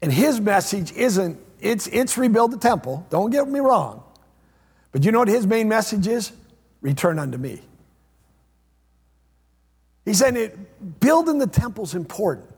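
A man preaching a sermon as pastor, repeating phrases and swinging between loud emphatic lines and hushed low ones. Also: very animated, a little slow, long pauses, husky. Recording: long hall reverb.

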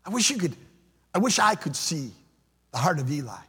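Husky high-pitched man preaching, repeats himself, gets sing-songy, big echoey hall. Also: very animated, fairly quick, pushed and bright. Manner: emphatic, repeats phrases, swells into a sing-song preaching cadence. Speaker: pastor. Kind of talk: sermon.

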